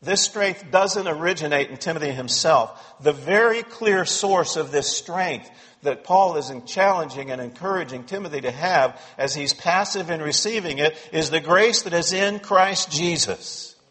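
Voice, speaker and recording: Pastor, male, slightly high voice, emphatic expository preaching, reverberant sanctuary. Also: normal speed, a bit bright. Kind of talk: sermon. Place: church sanctuary.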